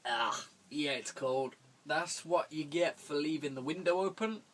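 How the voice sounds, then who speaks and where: In a casual Q&A video shot at home, a young male vlogger with a fairly high, fairly bright voice works through viewers' questions at a measured pace. He rambles, chuckles frequently, and swears casually, with slight background noise present.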